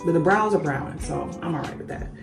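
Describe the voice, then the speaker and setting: Young woman beauty vlogger, casual storytime, swears and says y'all; slightly low voice, roomy echo and faint music underneath. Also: fast talker, vocal fry, recorded from a distance. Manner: animated, swears freely, addresses viewers as y'all. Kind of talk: casual storytime while doing makeup.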